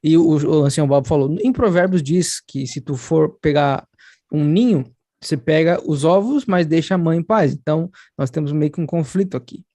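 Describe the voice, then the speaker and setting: A Brazilian man interpreting live into Portuguese, quickly relaying what the speaker says. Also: a little high, dark tone, dry recording. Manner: rapid, relaying others' words.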